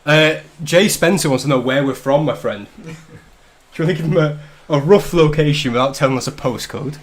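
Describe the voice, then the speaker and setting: This livestream host from northern England chats casually while drinking, cracking jokes and swearing amid plenty of laughter. He speaks at normal speed in a slightly high voice.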